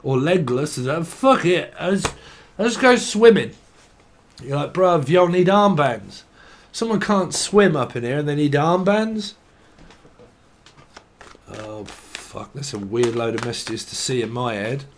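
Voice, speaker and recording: A man's voice: mid-range voice, expressive, measured pace, a little hiss or hum. A man giving a tarot reading, rambling stream-of-consciousness style, swearing freely and laughing at himself. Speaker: tarot reader.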